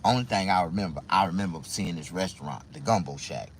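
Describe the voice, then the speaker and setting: A man's voice: deep voice, fast, slight background noise. A man telling a rambling personal story in a casual, profane way, laughing often and repeating himself.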